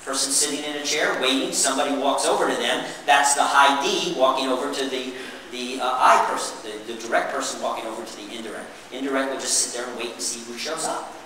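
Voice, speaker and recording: A man giving an interactive workshop presentation, animated and drawing answers from his audience. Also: medium pitch, quick pace, a little hiss or hum. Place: meeting room with an audience. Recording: echoey hall, mic far off.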